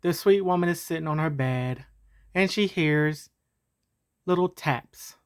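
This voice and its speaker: A woman's voice: low voice, a little slow, clear, resonant tone. A woman telling a homemade story in a casual, meandering way. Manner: casual, meandering, with fillers and restarts.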